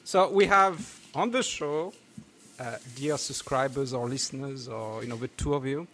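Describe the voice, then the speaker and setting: A man with a French accent hosting a casual podcast, halting and laughing, full of restarts. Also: mid-range voice, a bit bright, slight background noise. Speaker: podcast host.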